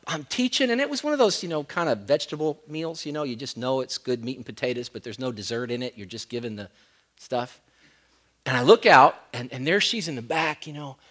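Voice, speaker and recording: A middle-aged man preaching a sermon as pastor, moving between loud emphatic points and quiet storytelling. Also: fairly high pitch.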